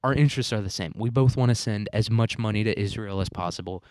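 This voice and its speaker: A man's voice: fairly low pitch, quick pace, a little mellow, smooth, dry recording, clean studio sound. Rambling man on a crude solo podcast. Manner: rambling, crude, laughing often. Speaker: podcast host. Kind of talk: casual solo podcast monologue.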